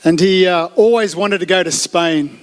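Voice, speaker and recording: A man's voice: sits high, moderate pace. A man speaking from a church stage into a microphone, giving a chatty, jokey, upbeat sermon. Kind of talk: casual sermon with jokes. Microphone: handheld or stage mic.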